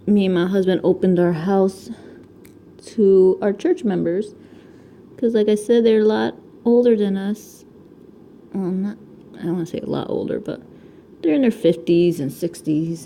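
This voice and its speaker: This crafting vlogger, a Connecticut woman around thirty with the local accent, speaks in a lowish, warm voice at normal speed with long pauses. She chats and rambles while diamond painting at home, laughing a lot, captured on the camera mic with slight background noise.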